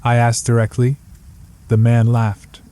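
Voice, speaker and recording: A man's voice: mid-range voice, monotone, a little slow, dark tone, dry recording. A man narrating a first-person horror story in a gritty, hard-boiled detective manner.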